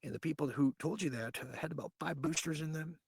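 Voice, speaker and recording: A man hosting a late-night podcast, delivering a ranting, sarcastic monologue full of halting fillers. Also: fairly high pitch, creaky, a little hiss or hum. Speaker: podcast host.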